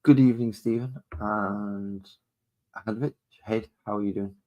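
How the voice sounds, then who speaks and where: A man's voice: fairly low pitch, steady tone, a little slow, warm tone, poor audio. A man chatting casually and thinking aloud, a little self-deprecating, while he paints miniatures at his hobby desk at home.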